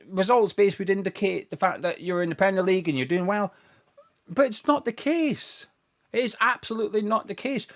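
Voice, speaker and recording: A young man, hosting a football fan show and ranting sarcastically about his club's owners. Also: high-pitched. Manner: sarcastic, mocking, animated rant with mock quotes. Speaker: football fan podcast host.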